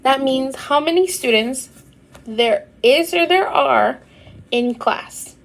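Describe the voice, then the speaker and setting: Woman teacher, fairly high voice, slow, patient lecture delivery. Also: animated, creaky, poor audio. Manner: slow, patient explaining with repeated examples. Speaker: Spanish teacher. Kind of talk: recorded grammar lecture.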